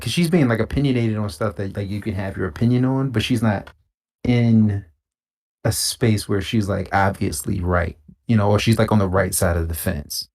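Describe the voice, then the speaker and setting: Laid-back low-voiced man chatting. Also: a little mellow. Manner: laid-back, slangy, rambling with many fillers. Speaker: podcast co-host. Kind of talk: casual chat while gaming.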